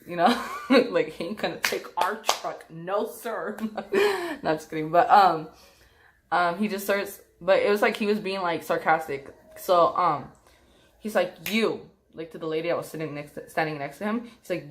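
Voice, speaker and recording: A woman's voice: fairly low pitch, moderate pace. A young woman casually telling a personal story to her viewers, rambling with lots of fillers and restarts.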